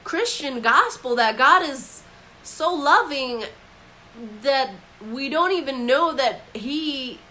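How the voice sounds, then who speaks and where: A woman's voice: sits high, expressive, slow, pushed and bright, a little hiss or hum, poor audio. A woman giving a casual Bible commentary, talking in a conversational way, filled with "like" and acted-out quotes. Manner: conversational, acts out quoted voices with frequent "like". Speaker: Bible teacher.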